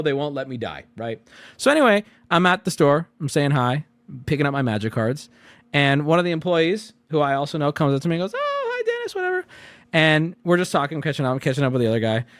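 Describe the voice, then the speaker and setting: A man streaming, telling a story to his chat in a casual, animated way, jumping between loud outbursts and low mutters. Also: no room sound.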